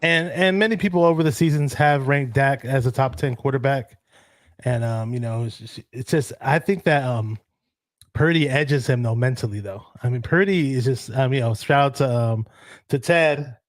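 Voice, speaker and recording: Laid-back man, sports show host, mid pitch, dry close sound. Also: moderate pace, no room sound. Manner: relaxed, many ums and restarts. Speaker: podcast host. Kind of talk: casual sports chat reading viewer comments.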